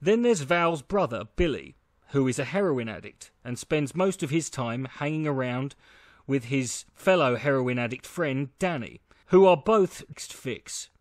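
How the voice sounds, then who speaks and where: A man narrating a film review from a script, measured and posing rhetorical questions. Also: mid-range voice, animated, no room sound, clean studio sound.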